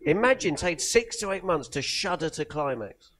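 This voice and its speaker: A man's voice: fairly high pitch, expressive, a little slow, a bit bright. A man from the United Kingdom with a British accent, telling crude, absurd jokes as a comedy podcast guest.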